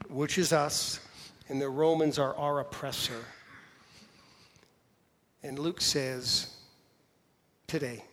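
A man preaching a sermon in a conversational way, asking rhetorical questions and slowing down with emphatic pauses. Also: fairly high pitch, a bit bright, long reverb tail. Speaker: pastor.

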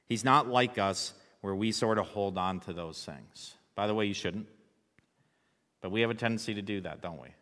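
A man preaching a sermon as pastor, relaxed and conversational, joking with the congregation. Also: on the low side, normal speed, long reverb tail.

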